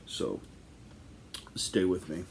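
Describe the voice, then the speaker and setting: A man with a very low voice tells a personal ghost story in an unhurried, casual way. He rambles, with plenty of ums and false starts. A faint hiss sits under his voice. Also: sing-song, gravelly. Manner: rambling, filler-heavy, conversational.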